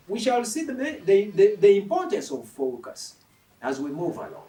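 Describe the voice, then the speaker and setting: Animated preacher man in an echoey hall. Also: high-pitched, moderate pace. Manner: animated, emphatic, asks the congregation questions. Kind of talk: sermon. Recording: echoey hall, mic from a distance.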